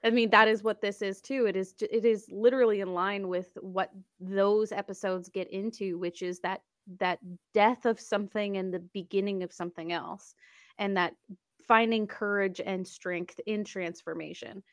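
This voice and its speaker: A woman co-hosting a podcast, chatting casually and warmly about what the show has meant to her. Her voice sits at a middle pitch. It is recorded close and dry, with no room sound. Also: steady tone, moderate pace, no room sound. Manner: chatty, heartfelt, tearful at times. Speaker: podcast co-host.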